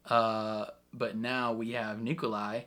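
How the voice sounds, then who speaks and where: A man's voice: lowish voice, level tone, slow pace, fairly bright tone. A man giving casual, chatty reaction commentary on an episode, laughing often between thoughts. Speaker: reaction video creator.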